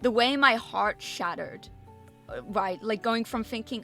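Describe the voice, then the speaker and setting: A woman streamer telling a story in a casual chat, animated and emphatic, swearing freely and repeating herself. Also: fairly high pitch, unhurried, faint music behind. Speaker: VTuber streamer.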